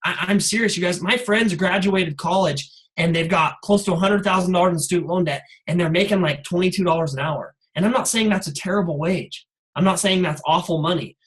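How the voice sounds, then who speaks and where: Man with a high voice, high-energy motivational speaker, casual filler-heavy delivery. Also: fairly quick, rough recording. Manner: energetic, casual, many "like" and "you guys" fillers. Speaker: guest speaker on a sales call. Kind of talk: motivational call talk.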